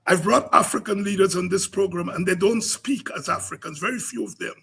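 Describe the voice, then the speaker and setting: Fiery, raspy Guyanese man. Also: sits high, fairly quick. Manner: preaching cadence, rising to cries and shouts. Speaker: political commentator host. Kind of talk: impassioned political oration.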